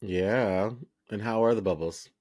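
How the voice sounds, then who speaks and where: A man's voice: on the low side, measured pace, darkish tone. A man co-hosting a podcast in casual chat, playful and teasing, laughing often. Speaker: podcast co-host.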